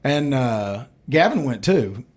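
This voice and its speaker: A man's voice: mid-range voice, sing-song, slow pace. A man co-hosting a podcast, laid-back in casual chat, nudging his guests toward their stories. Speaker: podcast co-host, the singer's uncle. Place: podcast studio.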